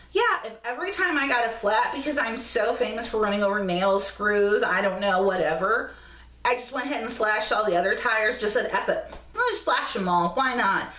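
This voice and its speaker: Woman vlog host, slightly high, chatty and encouraging, roomy echo on the sound. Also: fairly bright tone. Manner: chatty and affectionate, coos at her dog in baby talk. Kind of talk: casual motivational vlog.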